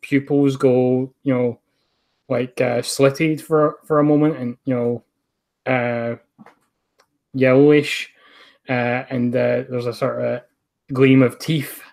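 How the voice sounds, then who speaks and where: A man's voice: medium pitch, flat delivery, slow, creaky, pauses often, a little mellow. A man playing a tabletop role-playing game who speaks hesitantly, full of "uh" and "you know". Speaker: player.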